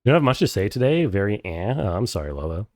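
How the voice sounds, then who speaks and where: A man's voice: fairly low pitch, very animated, quick pace, a little mellow, no room sound. A man streaming a game, chatting casually with viewers, sarcastic and swearing freely. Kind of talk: casual live game commentary. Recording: game music playing behind the voice.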